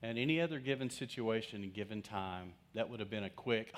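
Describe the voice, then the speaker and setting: Guy pastor, kinda low voice, preaching with a funny story, does the voices of everyone in it. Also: brisk. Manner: humorous, acts out quoted voices. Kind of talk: storytelling sermon.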